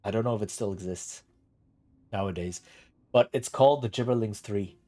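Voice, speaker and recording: A man giving casual, animated commentary while streaming a game. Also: lowish voice, moderate pace. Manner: animated, exclaiming.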